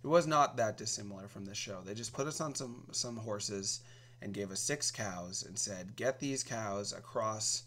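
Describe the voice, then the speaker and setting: A man's voice: on the low side, moderate pace, fairly bright tone. Rambling incredulous man telling a story. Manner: rambling, self-interrupting, incredulous. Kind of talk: comedic storytelling chat.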